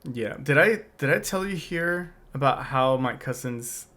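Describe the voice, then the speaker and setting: A young man co-hosting a podcast, asking slow, thoughtful questions that trail off. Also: mid-range voice, animated, sharp tone. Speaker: podcast co-host. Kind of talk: casual chat.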